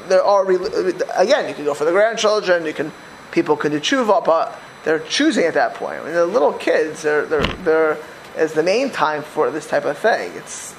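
A man teaching a Torah class, animated, with many restarts and repeated words. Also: on the high side, a little hiss or hum, poor audio. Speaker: religious teacher.

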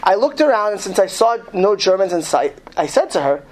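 A man reading a story aloud to an audience, slow and emphatic, stumbling and restarting often. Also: high-pitched, big pitch swings. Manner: reads slowly and with emphasis, with frequent restarts. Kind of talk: lecture with read-aloud story.

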